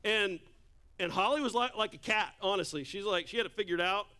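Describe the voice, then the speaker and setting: A man's voice: sits high, brisk, pushed and bright, clean tone. A man preaching a sermon on a church microphone, casual and joking as he tells stories. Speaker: pastor. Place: church sanctuary. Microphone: handheld or stage microphone.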